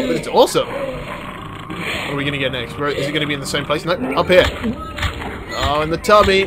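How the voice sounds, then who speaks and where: A young man giving excitable gameplay commentary, laughing and exclaiming as he plays. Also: on the high side, fairly quick, pauses often, noisy background. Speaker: gaming video host. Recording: game music playing loudly under voice. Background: game music.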